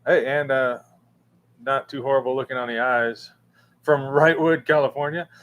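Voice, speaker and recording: Casual livestream host, male, middle pitch, halting and rambling, lots of fillers. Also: fairly even intonation, fairly bright tone. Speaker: livestream host answering chat. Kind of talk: casual live chat. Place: room with a fan running.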